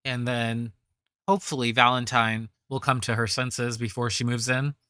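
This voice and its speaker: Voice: mid-range voice, level tone, moderate pace, sharp tone, no room sound, clean studio sound. A reaction commentator cutting in with profane, sarcastic and scornful remarks.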